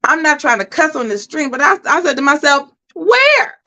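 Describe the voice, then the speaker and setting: A woman hosting a livestream, giving animated, emphatic commentary and talking straight to her chat. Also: sits high, a little fast, low-quality recording. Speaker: host.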